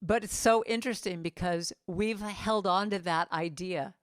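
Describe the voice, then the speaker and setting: A woman's voice: lowish voice, moderate pace, no echo, studio quality. A woman giving an inspirational church talk, telling heartfelt stories and acting out quotes. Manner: heartfelt storytelling with acted-out quotes. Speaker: inspirational speaker and singer-songwriter.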